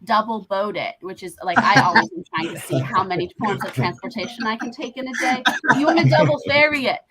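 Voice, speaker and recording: A woman's voice: on the high side, a little fast, a loud crowd, poor audio. A woman guest on a video call, chatting upbeat and often using the word "like". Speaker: panel guest. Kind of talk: casual chat on a video call.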